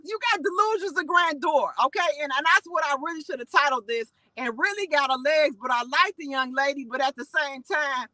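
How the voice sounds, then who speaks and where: A woman from Chicago with a Chicago accent, the host of a commentary channel, talking to her viewers with emphatic, heated delivery that climbs to shouting when she is indignant. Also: high-pitched, fairly quick, hardly any pauses, no echo, poor audio.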